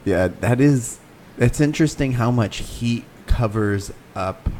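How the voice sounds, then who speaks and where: A man's voice: mid-range voice, measured pace, darkish tone, a little hiss or hum. A man co-hosting a podcast, talking in an easygoing, explaining way with many "like"s. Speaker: podcast co-host. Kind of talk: casual chat.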